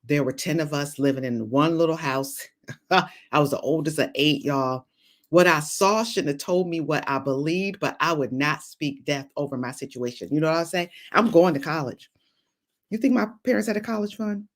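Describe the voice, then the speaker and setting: A middle-aged woman with a low voice delivers a fervent, preacher-like motivational talk, calling out viewers by name. She mixes in playful asides and laughs often. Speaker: host and psychologist. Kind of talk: motivational faith talk on a live stream.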